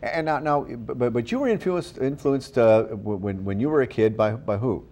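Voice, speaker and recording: A man's voice: mid-range voice, expressive, normal speed, a little mellow. A man anchoring a live morning news show, chatty and casual, tripping over words and laughing at himself.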